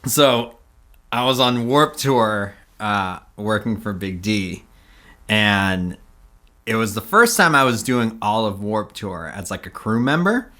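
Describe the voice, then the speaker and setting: Casual podcast host, male, bright tone, chatty storyteller who acts out the quotes. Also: on the low side, lively intonation, takes it slowly. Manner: rambling, many fillers, acts out quotes.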